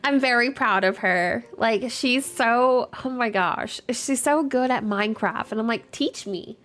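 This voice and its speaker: A woman's voice: on the high side, measured pace, a bit bright. A young adult woman streaming a game, chatting casually with viewers, full of fillers, laughing often and reading chat aloud. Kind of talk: casual livestream chat while gaming. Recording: faint music behind.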